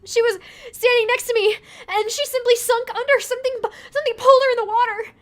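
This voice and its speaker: A woman's voice: fairly even intonation, quick pace. A woman voicing a frantic adult tourist who shrieks in panic. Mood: panicked. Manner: frantic, high-pitched and loud.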